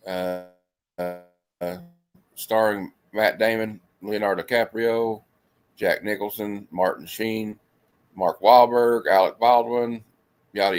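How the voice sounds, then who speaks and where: A man's voice: on the low side, darkish tone. A man hosting a casual movie review chat from home over a video call, rambling with lots of fillers. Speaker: host. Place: home room with lights.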